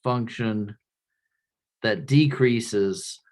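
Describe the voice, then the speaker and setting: A man giving a classroom lecture in a relaxed, conversational way, often checking in with the class by asking "right?". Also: medium pitch, drawn-out words.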